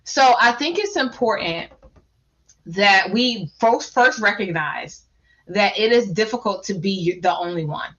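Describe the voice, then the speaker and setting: A woman's voice: medium pitch, expressive, measured pace, a bit bright. Emphatic woman with a New Jersey accent. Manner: emphatic, restarts phrases. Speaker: panelist. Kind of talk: panel discussion. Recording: slightly dull lo-fi audio.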